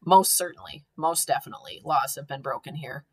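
Officious storybook policeman, read by a woman with a husky low voice. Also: a little fast, far from the mic. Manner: officious, repeating rules. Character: stern fussy male police officer.

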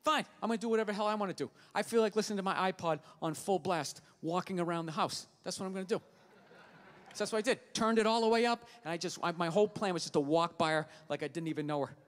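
A man's voice: high voice, quick pace. Exasperated profane male stand-up comic. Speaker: stand-up comedian. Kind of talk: stand-up comedy routine. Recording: live stage recording in a large hall.

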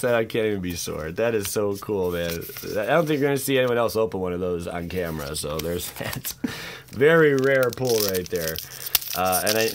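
A man hosting a card-opening video, narrating each pull with loud exclamations and low, awed mutters. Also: a little hiss or hum. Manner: exclamatory, swings between shouted excitement and low awed mutters. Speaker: channel host opening card packs. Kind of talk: excited card-opening vlog commentary.

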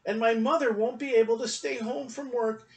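A man voicing an earnest, hopeful poor little boy in a storybook reading, with a high, plaintive childlike voice. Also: sing-song, takes it slowly, fairly bright tone, distant mic, heavily acted. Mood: despairing.

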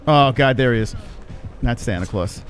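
A man giving live commentary on his own gameplay, swearing and reacting in excitable panic. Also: mid-range voice, moderate pace, faint music behind. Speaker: streamer.

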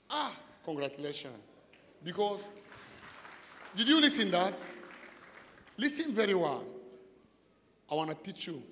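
High-pitched male pastor with broken English, shouts and direct questions, echoing church hall. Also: slight background noise. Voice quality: non-native English with broken grammar. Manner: preaching with sudden shouted calls and repeated questions to the listener. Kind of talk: deliverance sermon.

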